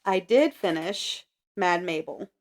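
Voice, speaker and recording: A woman's voice: fairly low pitch, slow. Easygoing woman podcast co-host. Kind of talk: casual book chat.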